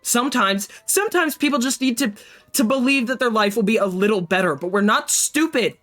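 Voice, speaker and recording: A woman's voice: fairly high pitch, expressive, brisk, fairly bright tone, soft background music, pitched above the performer's own voice. An earnest, hurt young woman artist, voiced by a woman reading a game aloud. She stammers and restarts when flustered, her voice lifted a little above normal. Defensive but sincere.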